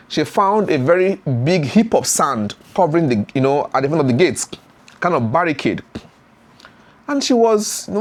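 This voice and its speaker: A man, retelling a story as a YouTube commentator with many fillers and acted-out voices. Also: fairly high pitch. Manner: animated retelling with frequent fillers, acts out voices.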